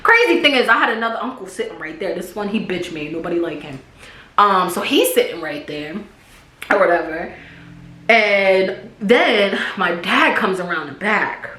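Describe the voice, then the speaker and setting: A young woman telling a storytime vlog in a casual, profane way, acting out loud quotes. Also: medium pitch, expressive, moderate pace. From Pennsylvania, USA. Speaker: YouTuber. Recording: echoey room.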